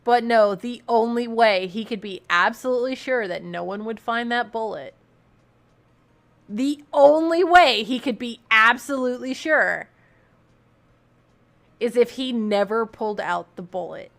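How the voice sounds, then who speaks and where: A young woman streaming a game, reacting in an excitable, animated way and swearing freely. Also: fairly high pitch, measured pace, vocal fry. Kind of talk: game commentary.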